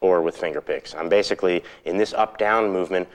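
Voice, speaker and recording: Low-voiced man teaching guitar rhythm. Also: fairly quick. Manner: relaxed, counts rhythms aloud. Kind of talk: instructional video lesson. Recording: 1990s instructional videotape.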